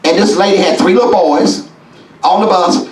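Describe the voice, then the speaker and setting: A man preaching a sermon as bishop in a church, folksy and call-and-response, rising now and then into shouts. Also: high voice, moderate pace. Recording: echoey church from a distance.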